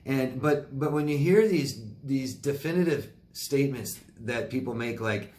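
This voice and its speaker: A man's voice: medium pitch, a little slow, darkish tone. Man in a roomy-sounding coaching talk. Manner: rambling, repeats words, many fillers. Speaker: life coach. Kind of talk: casual Q&A monologue.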